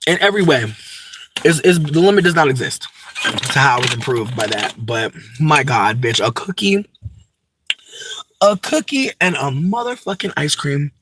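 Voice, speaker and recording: A man's voice: on the high side, big pitch swings, normal speed, fairly bright tone, slight background noise. A young man, rambling in a profane, campy, unscripted vlog monologue full of asides. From United States. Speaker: vlogger.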